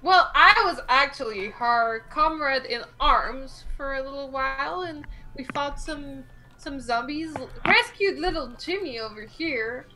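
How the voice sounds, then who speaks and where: A woman's voice: sits high, a little slow, low-quality recording. A woman playing a tabletop game, eager and bubbly as she plays her character. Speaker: player.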